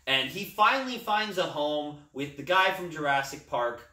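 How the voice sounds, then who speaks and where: A man's voice: on the high side, animated, moderate pace, bright, forceful tone. A man co-hosting a casual movie podcast, talking enthusiastically and rambling about a film he loves. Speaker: podcast co-host. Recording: echoey room, distant mic.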